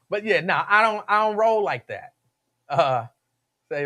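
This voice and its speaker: A man's voice: a little high, takes it slowly, pauses often, bright, forceful tone. A man hosting a radio talk show, chatting casually with listeners, laughing often and repeating himself.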